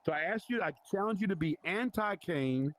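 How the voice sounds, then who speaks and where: A man's voice: sits high, expressive, a little fast, a bit bright. A man leading an informal Bible study in a virtual reality church, talking conversationally and challenging his listeners.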